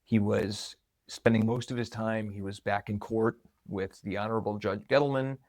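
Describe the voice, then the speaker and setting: A man tells a personal story in a relaxed, reflective, conversational way. His voice sits a little low. The sound is dry and close. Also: moderate pace, dry recording. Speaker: marketing coordinator.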